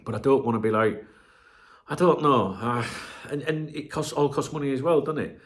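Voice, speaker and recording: A man's voice: medium pitch, normal speed. A middle-aged man, talking to camera in a rambling, sweary, casual chat as a channel host.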